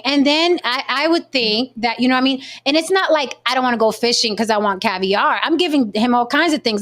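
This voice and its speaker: A woman hosting a casual chat show, telling a dating story in an animated way with plenty of swearing. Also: sits high, a little fast, hardly any pauses. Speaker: podcast host.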